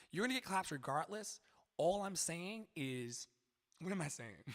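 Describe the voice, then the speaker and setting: High-voiced man teaching singing. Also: in a large hall. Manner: animated, sings lyric lines to demonstrate. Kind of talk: live-streamed singing lesson.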